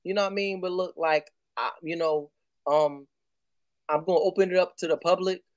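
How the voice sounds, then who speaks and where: Animated man on a dry mic. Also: high-pitched, no echo. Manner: animated, quick bursts when excited, many fillers. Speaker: guest. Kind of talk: casual chat.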